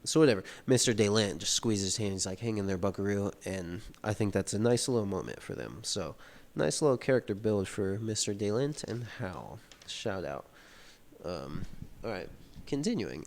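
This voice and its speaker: A man's voice: lowish voice, darkish tone. A man reading a novel aloud and talking through it in a loose, casual way, with lots of fillers. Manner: reads passages aloud then explains them loosely, many "like" fillers. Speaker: book reader and commentator. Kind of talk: casual read-along commentary.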